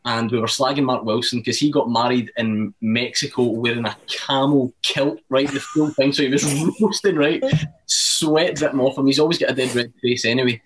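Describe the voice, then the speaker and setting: A Scottish radio presenter in casual chat, rambling through chatty anecdotes. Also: male voice, mid-range voice, steady tone, moderate pace, a bit bright, a little hiss or hum, poor audio.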